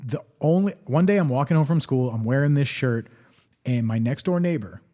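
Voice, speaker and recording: A young man co-hosting a podcast, talking in a loose, rambling way after a few drinks and telling animated stories. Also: mid-range voice, normal speed, highs cut off. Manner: tipsy, rambling, animated storytelling. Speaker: podcast co-host. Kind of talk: casual chat.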